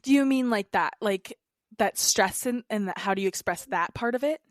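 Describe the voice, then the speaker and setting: A young woman speaks as a podcast guest, rambling casually and leaning on filler words. Her voice sits at an ordinary pitch. The sound is close and dry. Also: normal speed, no echo. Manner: rambling, heavy use of "like" fillers. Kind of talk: casual interview chat.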